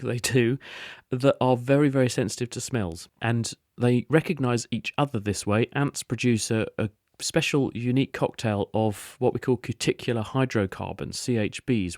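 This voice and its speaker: A man's voice: medium pitch, darkish tone, no echo, studio quality. A man on a radio phone-in answering listener questions, explaining science step by step with everyday analogies.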